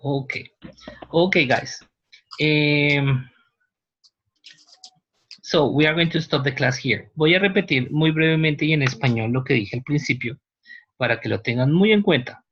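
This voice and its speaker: A man's voice: on the high side, moderate pace, long pauses, fairly bright tone, husky, highs cut off. A man, a teacher giving a university lecture, explaining patiently and often checking that students follow. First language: Spanish.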